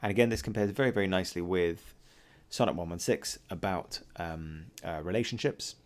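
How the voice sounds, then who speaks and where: A man teaching an English literature lesson, talking a class through a poem with frequent ums and uhs. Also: deep voice. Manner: talks through a poem, reading lines aloud and pausing with ums and uhs. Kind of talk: recorded poetry lesson.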